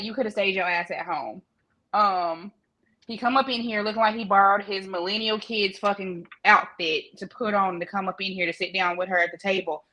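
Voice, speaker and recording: 女性、辛口で明るい声. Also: female voice, medium pitch, bright, forceful tone. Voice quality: blunt, sassy, profane. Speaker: podcast co-host. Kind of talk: casual chat.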